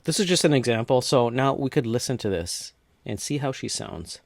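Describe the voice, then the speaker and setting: A man from North America casually walking through a software tutorial step by step, with frequent restarts. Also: medium pitch, fairly quick, dry recording. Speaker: tutorial host. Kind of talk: screen-recorded software tutorial.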